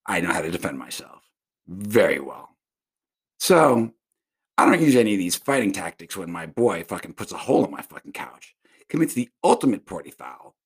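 A man's voice: sits low, sing-song, normal speed, breathy edge. A man from South Florida hosting a casual solo podcast from home, rambling through a profane monologue with many restarts and tangents. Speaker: podcast host.

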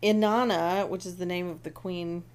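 A woman co-hosting a podcast, recapping a book in casual chat, animated and swearing freely. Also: on the low side, normal speed. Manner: animated, swears freely, acts out characters' lines. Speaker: podcast co-host.

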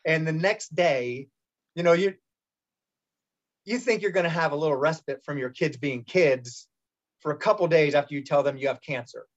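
A middle-aged man recounts a personal story in relaxed interview talk, rambling a little and restarting his sentences as he acts out what others said. His voice sits a touch high, and the recording is muffled and lo-fi. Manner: candid, rambling with restarts and quoted dialogue. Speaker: guest telling his cancer story. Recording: muffled lo-fi sound.

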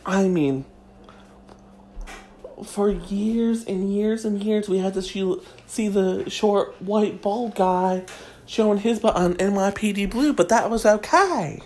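A woman's voice: medium pitch, steady tone, measured pace, warm tone, slight background noise. A woman delivering a sassy, mock-prim comedic gossip monologue as host.

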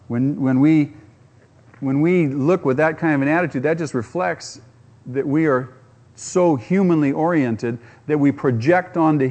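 A man's voice: on the high side, a little mellow, dull audio. A man preaching a sermon, using rhetorical questions and acting out quotes. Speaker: pastor.

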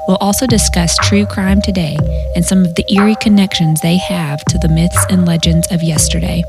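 A woman reading a scripted podcast intro in a measured way. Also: lowish voice, little pitch movement. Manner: measured, read-aloud delivery. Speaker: podcast host. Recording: clear background music.

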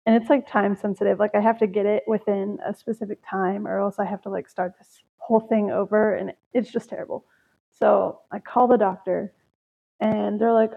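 Over tinny, phone-like audio, a young woman hosts a solo podcast, casually telling stories about her day between sighs and laughs. Her creaky voice sits at medium pitch, steady in tone and at a normal speed.

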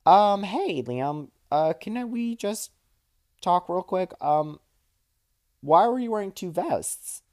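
A young man putting on a hesitant, gentle woman. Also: sits high, expressive, voice pushed up. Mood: gently probing. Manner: hesitant, halting with "um" and "uh". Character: hesitant, gentle adult woman checking on a kid.

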